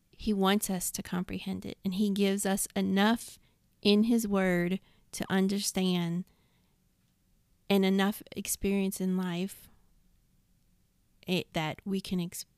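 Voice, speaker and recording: Gravelly-voiced woman leading a Bible study. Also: mid-range voice, no room sound, clean studio sound. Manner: reads scripture aloud and asks questions. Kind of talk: casual Bible study discussion.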